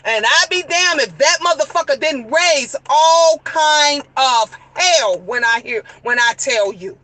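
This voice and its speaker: High bright-voiced woman ranting profanely. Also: animated, measured pace, poor audio. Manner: profane, repetitive, emphatic, quoting others. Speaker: vlogger streaming live. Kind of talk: heated live storytime rant.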